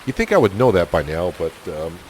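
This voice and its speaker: A man hosting a casual let's-play, talking through his farm chores in an easygoing, self-deprecating way and thinking out loud. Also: deep voice, very animated, fairly quick, a little hiss or hum. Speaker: gaming channel host.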